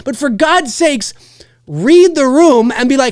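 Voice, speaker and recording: A male livestream host ranting in a loose, casual way. His pitch leaps all over the place as he acts out bits of scenes, with some swearing mixed in. The sound is close and dry. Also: expressive, a little slow, no room sound. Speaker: live show host.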